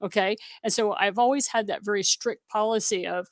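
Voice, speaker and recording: A woman's voice: mid-range voice, fairly even intonation, brisk, no echo, clean studio sound. A woman from Missouri, a guest entrepreneur in an interview, telling stories in a direct way and acting out the dialogue she quotes. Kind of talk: interview conversation.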